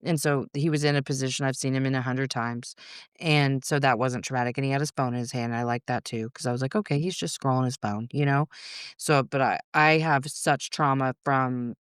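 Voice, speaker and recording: A woman talks straight into a close podcast mic, her voice smooth and clean, the room dry with no echo. She tells her story candidly, swearing freely and drifting into quick asides. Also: a bass voice, steady tone. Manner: frank, swears freely, rapid rambling asides. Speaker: podcast guest.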